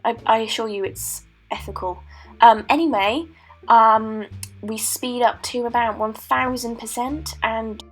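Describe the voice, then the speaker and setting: A late-teen woman narrates her painting video in a put-on Australian accent, with a playful mock-documentary tone. Her voice sits fairly high, and soft music hums underneath. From Britain. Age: late teens. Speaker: art student. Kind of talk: joking voice-over narration. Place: voice-over recorded at home.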